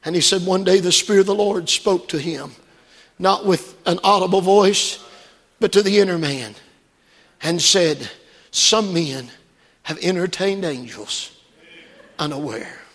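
A man preaching a sermon from the pulpit, moving between quiet storytelling and shouted, fervent peaks. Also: high voice, a little slow, long pauses, long reverb tail. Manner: preaching that swings from hushed storytelling to shouted climaxes. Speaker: pastor. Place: church sanctuary.

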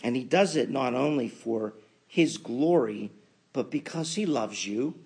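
A man delivering a sermon from the pulpit, speaking slowly and deliberately with a slightly husky voice. He builds to emphatic, forceful peaks and then drops into low, quiet asides. His pitch sits in an ordinary middle range. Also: lively intonation. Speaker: pastor.

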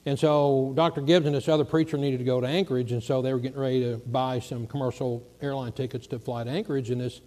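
A man preaching to a congregation at a middle pitch, telling a long story with lively energy. He acts out the voices of the people in the story as he goes. The delivery is that of a sermon, not a reading. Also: quick pace, hardly any pauses.

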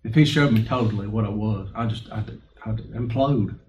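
Folksy preacher, heard from afar. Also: male voice, lowish voice, normal speed, darkish tone, dull audio. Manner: folksy, conversational preaching with rhetorical questions and chuckles. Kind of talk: sermon. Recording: distant mic with faint room noise.

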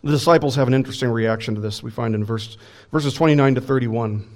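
A male pastor preaching an expository sermon, reading scripture aloud and acting out paraphrased dialogue with emphatic rises and quiet drops. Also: mid-range voice, fast talker. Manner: voices scripture quotes and acts out paraphrased dialogue.

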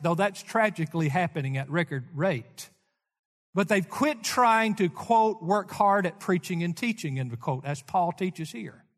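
An older man delivers a sermon in a high, lively voice that climbs and drops sharply. He tells folksy stories and swings from loud emphasis to hushed asides. His voice rings with a long echo through a church hall. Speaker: pastor.

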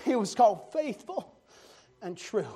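A man preaching a fervent revival sermon, often shouting and repeating refrains. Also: animated, unhurried. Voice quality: gravelly, high-pitched voice.

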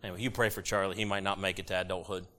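A middle-aged man preaching a sermon, animated and jokey with sudden loud bursts. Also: low-pitched, very fast. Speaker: pastor.

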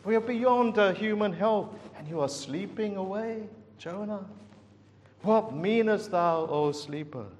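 A man's voice: mid-range voice, monotone, takes it slowly, few pauses, a bit bright, highs cut off, slight background noise, voice pushed down. A man voicing a desperate ship captain who urgently pleads with a sleeper to wake and pray. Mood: urgent pleading. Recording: long hall reverb.

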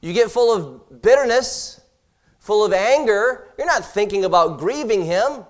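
A middle-aged male pastor delivering a sermon to a congregation. His voice sits a little high for a man. He swings between quiet, low confiding passages and loud, emphatic appeals. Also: animated, measured pace. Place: church hall with congregation.

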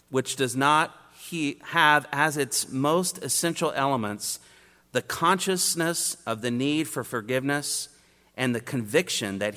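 Male preacher, expository sermon, emphatic triads, bright and forceful, long hall reverb. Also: medium pitch. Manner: emphatic, builds points in repeated rhetorical triads.

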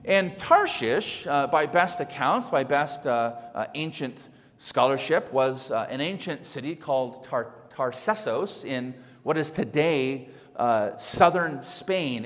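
A man preaching a sermon as pastor, speaking in an animated way and asking his congregation rhetorical questions. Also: a little high. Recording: long hall reverb.

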